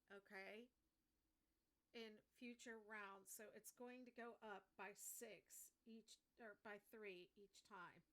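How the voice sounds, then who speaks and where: A woman's voice: mid-range voice, a bit bright. A middle-aged woman chatting casually through a crochet tutorial, answering viewers and laughing often as she works. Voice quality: chatty, laughs often, talks while working. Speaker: crochet instructor. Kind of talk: casual livestream tutorial chat.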